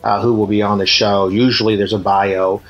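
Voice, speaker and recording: A man's voice: lowish voice, little pitch movement, moderate pace, highs cut off, faint music behind. Emphatic man hosting political talk. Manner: frequent ums and uhs, repeated restarts; emphatic, rhetorical questions to listeners. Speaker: host. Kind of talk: political commentary monologue.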